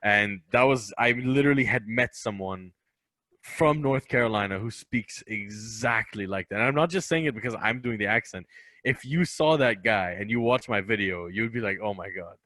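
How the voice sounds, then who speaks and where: A man's voice: lowish voice, moderate pace, no echo. A young man in his twenties chatting animatedly as a comedian guest on a podcast. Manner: animated, chatty, drops into voices. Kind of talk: casual interview chat. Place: podcast studio.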